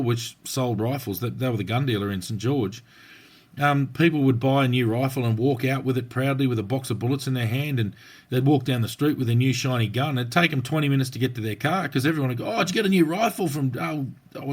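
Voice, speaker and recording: An Australian man co-hosting a podcast, swapping stories in blunt, slangy talk. His voice sits in an ordinary middle pitch. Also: breathy edge. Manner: blunt, colloquial storytelling with slang. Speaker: podcast co-host, former police officer. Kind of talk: casual podcast chat.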